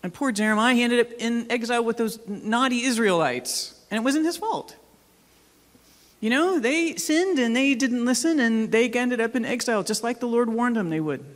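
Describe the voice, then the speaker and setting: A woman's voice: a little high, animated, a little fast, few pauses. Woman pastor, sermon, light and teasing with the congregation, long church reverb. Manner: joking, conversational, asks the congregation questions. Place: church hall.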